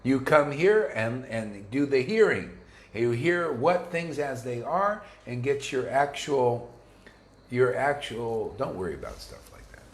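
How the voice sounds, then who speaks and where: A man's voice: medium pitch, sing-song, a little slow, echoey room. A man preaching an informal devotional sermon to his students, blunt and combative, full of slang and restarts. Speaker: spiritual teacher.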